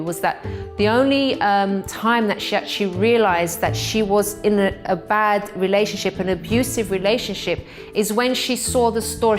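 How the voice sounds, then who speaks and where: A British woman hosts a talk show and speaks straight to the camera in an earnest, encouraging way, with the odd "um" and restart. Her voice sits at an ordinary middle pitch. Faint music plays under her. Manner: earnest, encouraging, direct address with fillers. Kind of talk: host's closing address to viewers.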